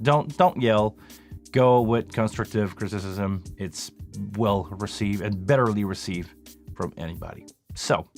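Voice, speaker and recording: This is a casual live stream Q&A hosted by a chatty, low-voiced man from Canada who is a live sound engineer. He tends to be self-deprecating and rambles with lots of fillers.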